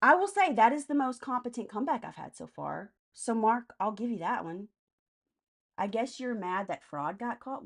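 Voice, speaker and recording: A woman's voice: a little high, expressive, normal speed, creaky. A woman hosting a casual political live stream, answering chat comments by name in a blunt, profane way.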